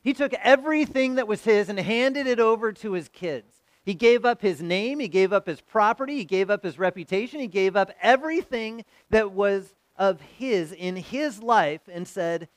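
A man preaching with a notably high-pitched voice, retelling stories and slipping into the characters' voices as he goes. The sound is dry and close, with no room echo. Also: normal speed, hardly any pauses. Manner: storytelling, acts out quoted voices. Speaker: pastor. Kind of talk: sermon.

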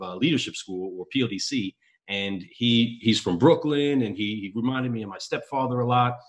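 Relaxed man telling a story. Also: lowish voice. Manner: relaxed, storytelling with quoted dialogue. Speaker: podcast guest. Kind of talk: casual storytelling.

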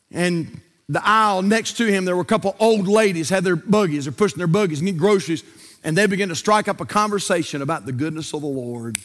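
Pastor preaching, hushed to shouting. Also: male voice, animated, brisk. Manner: dramatic storytelling, swinging from hushed to shouting; prays aloud in a soft, low voice. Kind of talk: sermon. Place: church service.

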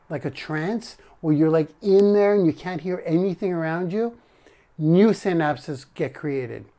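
A man's voice: a little high, warm tone. A man live streaming a casual monologue, rambling and correcting himself as he talks to his chat.

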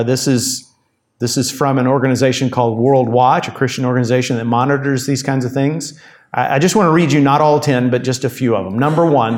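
Man teaching a sermon. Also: mid-range voice. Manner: conversational Bible teaching, reads scripture aloud. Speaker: pastor.

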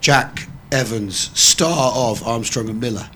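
A man's voice: medium pitch, slow pace, heavy background noise. Rambling male comedian on a panel. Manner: rambling, hesitant, many restarts. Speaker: comedian guest. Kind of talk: panel chat between comedians. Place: comedy venue with a live audience.

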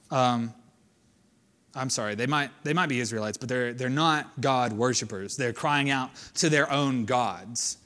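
A man's voice: a little high, fairly bright tone. A man preaching a conversational sermon, reading scripture aloud and then commenting on it in a casual way.

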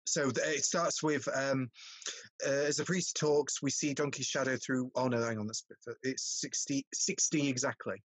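A man reading stage directions aloud in a casual podcast, stumbling and restarting as he goes. His voice is husky and the recording is dry and close. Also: mid-range voice, steady tone, moderate pace, no room sound, rough recording. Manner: stumbling, laughing read.

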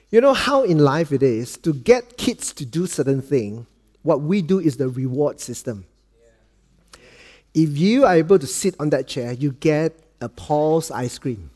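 Male preacher, middle-aged, Malaysian English accent, slightly high voice, storytelling sermon with dad jokes. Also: lively intonation, unhurried. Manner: dips soft and low for quoted lines, cracks dad jokes.

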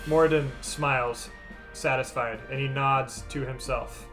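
A man's voice: medium pitch, fairly even intonation, unhurried, fairly bright tone, soft background music. Man narrating as game master.

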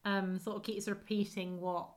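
A woman's voice: mid-range voice, flat delivery, normal speed. A woman chatting casually as a podcast co-host, laughing often and acting out lines from a sitcom. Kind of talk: casual chat recapping a sitcom episode.

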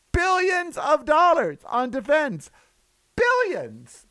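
A man's voice: extremely high pitch, sing-song, unhurried, a bit bright, clear, resonant tone, dry recording. A man delivering a sarcastic, exasperated rant as a commentator, with mocking asides. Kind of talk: ranting monologue.

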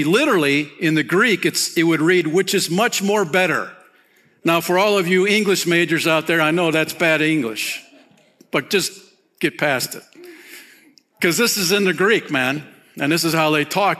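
A pastor preaching a sermon, casual and animated, peppering his talk with "man" and "you know". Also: normal speed. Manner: animated, rises high when excited, softens and drops low near the close.

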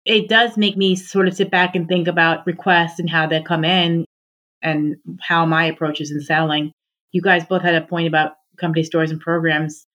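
A woman's voice: low voice, fairly bright tone. A woman in sales, thoughtfully answering questions on a podcast panel.

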